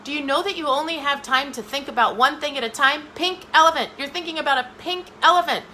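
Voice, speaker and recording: A woman's voice: high voice, fast talker, bright, forceful tone, a little hiss or hum, rough recording. A middle-aged woman giving a motivational talk straight to her viewers, emphatic and repeating phrases for effect. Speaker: motivational speaker.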